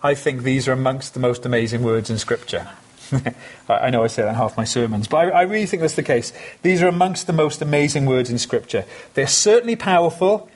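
A man's voice: mid-range voice, brisk. A man preaching a sermon, earnest and conversational, with emphatic asides to his congregation.

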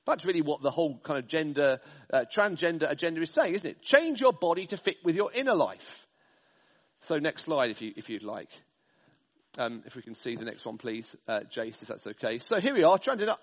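Animated gravelly male preacher. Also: fairly high pitch, normal speed, long reverb tail. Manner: emphatic, speaks in stressed lists. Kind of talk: sermon with slides.

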